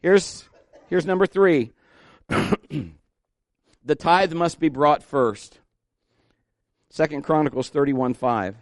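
A man's voice: mid-range voice, no echo, studio quality. A middle-aged man preaching a folksy, emphatic sermon as pastor, repeating key words for stress.

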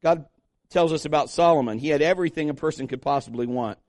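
Man preaching a lively, chatty sermon. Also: a little high, fast talker, dry recording. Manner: conversational preaching, lively asides to the congregation. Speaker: pastor.

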